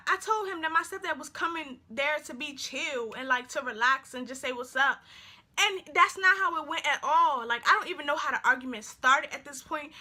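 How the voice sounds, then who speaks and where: A woman's voice: sits high, pushed and bright. A young woman telling a story in a casual vlog, chatty and full of fillers. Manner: chatty, filler-heavy storytelling with many likes. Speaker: vlogger.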